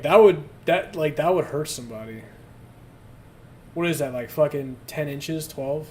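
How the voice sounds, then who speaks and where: A man's voice: on the high side, unhurried, darkish tone, a little hiss or hum. A young man chatting casually on a livestream, crude and rambling, often breaking into laughter. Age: young adult. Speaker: streamer.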